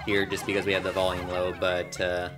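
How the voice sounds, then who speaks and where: A man playing a video game and commenting casually, making relaxed, dry remarks. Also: low-pitched, fairly quick, noisy background. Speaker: let's play player.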